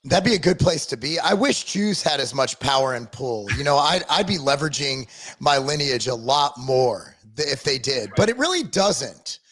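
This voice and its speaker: A man's voice: mid-range voice, big pitch swings, normal speed, a bit bright. A man co-hosting a podcast in casual chat, joking and laughing often. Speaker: podcast co-host.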